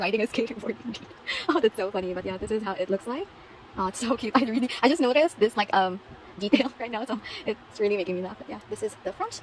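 A woman's voice: mid-range voice, expressive, fast talker, a little hiss or hum, rough recording. A woman showing off her concert haul in a casual vlog, gushing and repeating herself. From Philippines. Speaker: vlogger.

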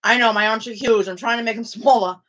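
Fast and with fairly even intonation, a woman with a fairly high, fairly bright voice streams a workout from home and talks casually with her viewers. She rambles, restarts a lot, and reads off the live chat, all captured on a camera or phone in a small room at low quality.

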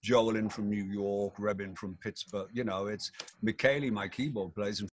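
A man's voice: lowish voice, fairly even intonation, moderate pace, a little hiss or hum. A man in his sixties with a Yorkshire accent, chatting playfully in an interview with theatrical, jokey asides. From England. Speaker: rock singer.

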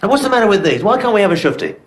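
A man's voice: sits high, very animated, racing, a little hiss or hum. An actor playing a brash, boorish Englishman who blusters, laughs a lot and speaks crudely. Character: brash loud Englishman, boorish house hunter. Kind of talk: TV drama acting.

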